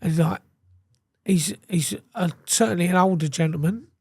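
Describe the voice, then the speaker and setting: A man's voice: sits high, normal speed, slightly rough, dry recording, studio quality. An English man, a podcast guest, telling his story casually with heavy swearing and acted-out quotes. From England. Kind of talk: candid storytelling interview.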